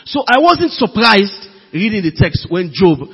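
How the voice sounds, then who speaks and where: A man preaching a sermon in an emphatic, animated way, with sudden loud bursts. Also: high-pitched, measured pace, slightly rough. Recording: dull lo-fi audio with long hall reverb.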